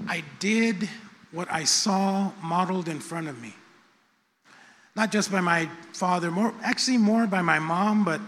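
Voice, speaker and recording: A middle-aged male pastor preaching in a church sanctuary, his fairly high voice unhurried and chatty. He circles back on his phrases and drops frank asides about himself. Long hall reverb hangs on every phrase. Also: fairly bright tone. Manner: conversational, repetitive, self-deprecating asides. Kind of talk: sermon.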